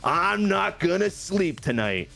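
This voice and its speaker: A man's voice: sits high, sing-song, takes it slowly, gravelly, bright, forceful tone, soft background music, voice pushed up, exaggerated voice. A man putting on the voice of a boastful, confident male wrestler cutting a taunting promo.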